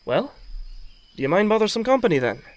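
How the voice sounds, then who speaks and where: A man's voice: high-pitched, big pitch swings, fairly quick. A man voicing an anxious young male Matoran villager who is afraid of heights, in an audio drama. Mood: friendly.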